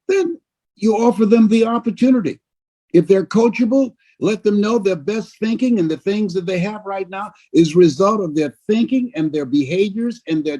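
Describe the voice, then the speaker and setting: An older man giving a motivational speech in a husky voice, preaching with big swings between shouts and low murmurs. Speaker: motivational speaker. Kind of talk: motivational speech on a video call.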